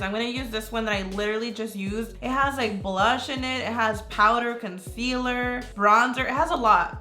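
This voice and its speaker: A young woman talks to her viewers in a bright, fairly high voice, excitable and quick to gasp or curse in disbelief. Her casual vlog chat rings in an echoey room. Faint music sits underneath. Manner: excitable, gasping, swears casually. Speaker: beauty YouTuber.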